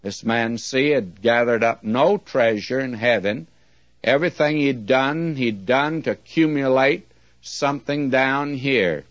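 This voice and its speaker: Male preacher, American, unhurried and earnest; dry, dull old recording. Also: medium pitch, no echo. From United States. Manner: measured, earnest preaching with slow emphatic readings. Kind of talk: sermon.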